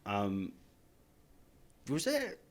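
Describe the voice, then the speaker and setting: A man's voice: fairly low pitch, huge pitch swings, drawn-out words. A man interviewing a darts player at a stadium media day, chatty and jokey, calling him mate. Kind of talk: casual sports interview.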